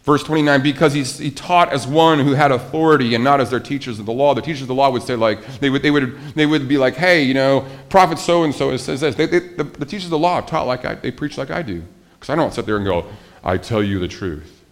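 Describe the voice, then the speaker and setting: A male pastor with a medium-pitched voice talks fast as he delivers a lively, animated, conversational sermon, putting rhetorical questions to the congregation.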